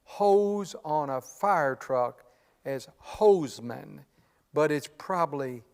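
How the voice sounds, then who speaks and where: A man's voice: fairly high pitch, animated, slow pace, clear, resonant tone. A middle-aged man, a pastor, chatting casually and folksily in a Q&A, joking and often saying "man". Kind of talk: casual Q&A chat. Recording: long hall reverb.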